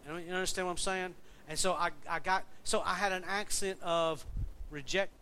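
A man's voice: high-pitched, steady tone, brisk, bright, forceful tone, clean tone. A man preaching a sermon in a conversational way, often asking the congregation questions. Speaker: pastor.

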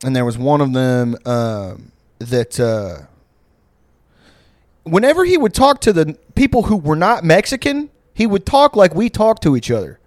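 A man's voice: on the high side, huge pitch swings, measured pace, darkish tone, dry recording, clean studio sound. A young man co-hosting a podcast, telling profane, rambling comic stories and laughing often. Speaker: podcast co-host. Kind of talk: casual comedic storytelling.

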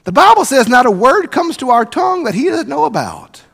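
A man preaching a sermon as pastor, swinging from loud emphatic passages to soft near-whispers. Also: very high-pitched, very animated, brisk, creaky, in a large hall. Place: church sanctuary.

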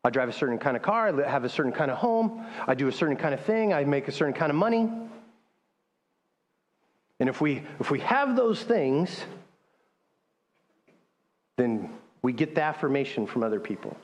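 A man delivers a sermon in a relaxed, conversational way, often restarting his sentences as he reads scripture aloud. His voice sits a little high for a man. The sound carries a long reverb from a large church hall. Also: moderate pace, pauses often. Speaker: pastor.

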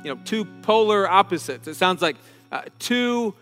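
A man giving a sermon as a pastor, earnest and unhurried, often restarting phrases and slowing down on key words. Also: high-pitched, animated, fairly bright tone. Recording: long reverb with faint guitar music.

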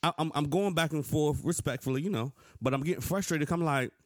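A man's voice: brisk, dry recording, clean studio sound. A man in his thirties, co-hosting a podcast, who talks earnestly and tells stories with feeling. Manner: earnest, animated storytelling, rising pitch when frustrated. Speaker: podcast co-host. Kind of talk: casual conversation.

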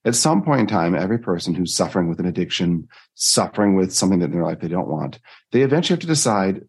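A man, a life coach, telling personal stories in an earnest, animated interview style. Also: quick pace, breathy edge. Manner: earnest, animated storytelling with jumps in pitch. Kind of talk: conversational interview storytelling.

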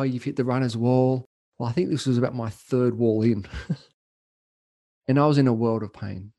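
A man shares his story as a podcast guest in a mellow, warm voice. He talks in an earnest, heartfelt way and pauses to reflect. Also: mid-range voice. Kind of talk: storytelling interview.

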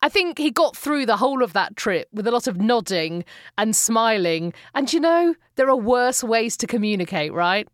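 English woman, podcast host, casual storytelling, amused and chatty, fairly high voice, very lively pitch. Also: normal speed, no echo, clean studio sound. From England.

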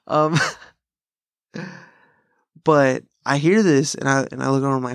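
His voice is a little high and expressive, at a moderate pace with frequent pauses, smooth and captured with clean studio sound and no room sound. He hosts a podcast, chatting casually and spinning rambling, profane bro-style stories with lots of laughs.

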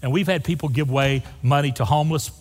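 A man's voice: fairly high pitch, fast talker. A man preaching a sermon as a pastor, telling folksy stories and speaking straight to the congregation. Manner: folksy storytelling preacher, says y'all. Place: church sanctuary. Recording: long reverb in a large church hall.

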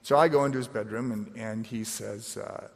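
A man's voice: lowish voice, normal speed, vocal fry. Conversational middle-aged male pastor, echoey hall. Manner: conversational, self-deprecating, repeats words when starting phrases. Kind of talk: sermon with personal story.

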